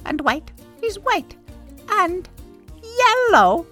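A woman voicing a spirited, honest little girl in a storybook reading, in a high childlike voice. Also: sing-song, fairly bright tone, faint music behind, exaggerated voice. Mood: firm. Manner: insistent, slow and emphatic.

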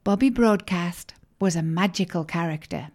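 A woman narrating a children's story in a gentle, clear and deliberate way. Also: lowish voice.

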